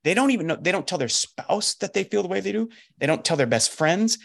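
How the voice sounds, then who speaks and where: A man's voice: sits high, a little fast, creaky. A middle-aged man, a coach hosting a podcast, telling a story in casual conversation and acting out the dialogue. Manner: animated storyteller, acts out quoted dialogue. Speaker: life coach and podcast host.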